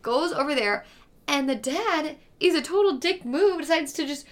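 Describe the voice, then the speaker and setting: A woman's voice: sits high, animated, moderate pace. A young woman co-hosting a podcast, chatting casually and sarcastically about a movie and swearing freely. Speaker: podcast co-host. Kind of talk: casual chat reviewing a movie.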